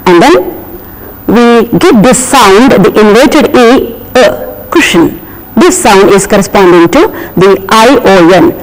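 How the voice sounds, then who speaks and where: A phonetics teacher gives a slow, deliberate lesson, spelling words letter by letter and repeating them for emphasis. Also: medium pitch, big-room sound, poor audio. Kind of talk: classroom pronunciation lecture.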